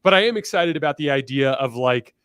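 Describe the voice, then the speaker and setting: Animated man, dry close sound. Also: a little high, a little fast, smooth, dry recording. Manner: animated, acts out quoted characters. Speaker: podcast guest. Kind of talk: casual podcast chat.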